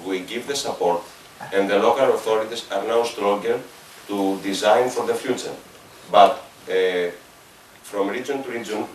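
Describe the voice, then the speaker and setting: Greek guy presenting at a conference, lowish voice, stops and restarts a lot, echoey hall, a bit far from the mic. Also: slight background noise. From Greece. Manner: halting, with fillers and self-corrections. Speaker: regional managing authority official.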